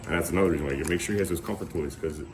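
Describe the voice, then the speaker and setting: A man's voice: sits low, very fast, background noise. A man talking casually to his young son as a father, playful and coaxing, teasing him now and then.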